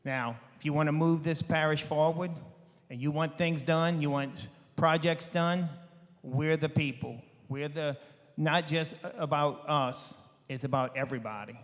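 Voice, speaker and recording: A man's voice: fairly high pitch, steady tone, a little slow. A man giving a rousing closing statement as a candidate at a forum, repeating short punchy phrases. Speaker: candidate for parish president. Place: school auditorium. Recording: reverberant auditorium with long echo.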